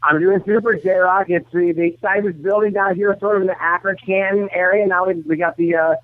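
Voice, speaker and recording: An upbeat, enthusiastic man on a high-pitched voice, calling in to talk football. The sound comes over a tinny, dry phone line. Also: fairly even intonation, brisk, no echo. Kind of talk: casual radio phone interview.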